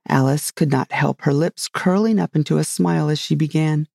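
A narrator reading a storybook aloud in a steady, measured way. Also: mid-range voice, gravelly, no echo, studio quality.

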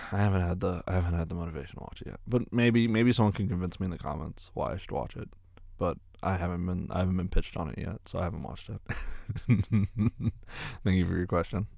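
A young man with a deep, gravelly voice answers his viewers' questions in a loose, rambling way, often repeating words and swearing casually. The sound is dry and close. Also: darkish tone, no echo. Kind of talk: casual Q&A chat.

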